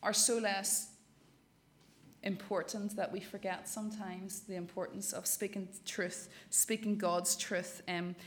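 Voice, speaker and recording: A woman leading an interactive church teaching talk, affirming answers warmly with yeah and absolutely and pausing often with um. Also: medium pitch, little pitch movement, slight background noise. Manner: affirming, thoughtful, frequent um pauses. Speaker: Bible study leader.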